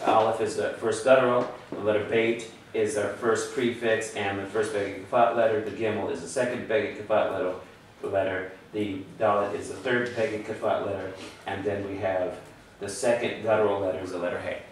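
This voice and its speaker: A lowish-voiced man teaching Hebrew speaks at a normal speed with fairly even intonation. Patient and methodical, he explains step by step and checks in with students; the recording is distant, echoey, and faintly noisy.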